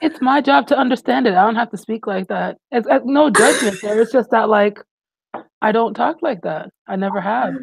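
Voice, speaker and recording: A woman's voice: a little high, normal speed, creaky, slightly rough, no echo, poor audio. A middle-aged woman talking frankly in a casual discussion over a video call.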